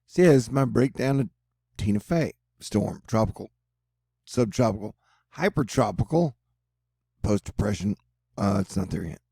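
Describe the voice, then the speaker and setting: Gravelly joking weather guy from Texas. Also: fairly low pitch, normal speed, mellow, no room sound, clean studio sound. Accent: Texan. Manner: joking, rambling, offbeat asides. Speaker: weather video host. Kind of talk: casual storm-tracking commentary over forecast maps.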